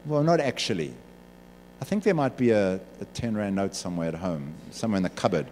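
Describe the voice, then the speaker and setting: A preacher doing a mumbling, sheepish broke lottery winner. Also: male voice, lowish voice, expressive, brisk, darkish tone, slight background noise, voice pushed down, natural voice. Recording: echoey hall.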